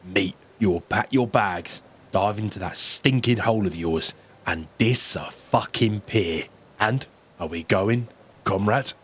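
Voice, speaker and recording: A man voicing a crude, threatening male wolfman in a game, speaking slowly with a gruff growl. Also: fairly low pitch. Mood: menacing.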